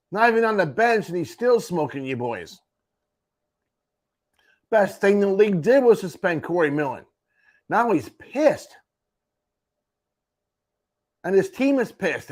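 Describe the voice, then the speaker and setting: A man's voice: a little high, a little mellow. Wry man reading hockey standings. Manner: wry, offhand asides between standings. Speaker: host. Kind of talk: sports radio rundown.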